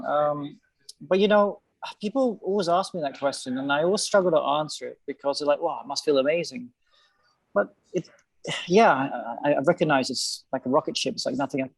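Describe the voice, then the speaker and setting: A man's voice: fairly high pitch, darkish tone, no room sound, poor audio. A man who once raced, chatting loosely on a video call panel, rambling with fillers and restarts. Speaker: F1 presenter and former racing driver. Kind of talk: casual panel chat over video call.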